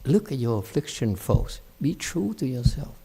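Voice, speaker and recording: A man's voice: mid-range voice, sing-song, moderate pace, vocal fry, breathy edge. Blunt, scolding male meditation teacher. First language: Chinese. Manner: blunt, scolding, mocks students' excuses in voiced quotes; swings between loud outbursts and quiet muttering. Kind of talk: dharma talk answering students.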